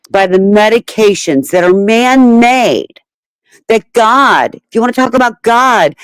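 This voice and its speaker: A woman's voice: mid-range voice, clean tone, dry recording, rough recording. A middle-aged woman on a panel, speaking with emotional, pleading insistence. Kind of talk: heated panel discussion.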